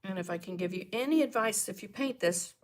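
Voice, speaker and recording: A woman's voice: medium pitch, a little fast. A chatty middle-aged woman teaching a live painting lesson, talking viewers through each brush step. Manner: chatty, greets viewers and coughs and laughs between steps.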